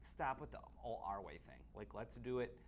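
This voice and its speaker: A man's voice: medium pitch, big pitch swings, fairly quick, a little hiss or hum. A man co-hosting a sports webcast, giving blunt opinions on football in casual talk that is full of restarts. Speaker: sports analyst co-host.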